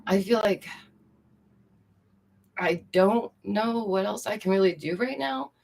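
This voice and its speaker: A woman's voice: mid-range voice, takes it slowly, vocal fry, darkish tone. A young woman, a streamer and art teacher, chatting casually to her viewers, laughing often and greeting them directly. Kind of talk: casual livestream chat. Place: indoors at home.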